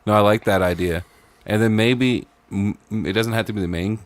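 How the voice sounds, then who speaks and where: A man's voice: fairly low pitch, brisk, no echo. A man co-hosting a podcast, rambling casually through story ideas with lots of "like" and "maybe". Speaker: podcast co-host. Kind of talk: casual brainstorming chat.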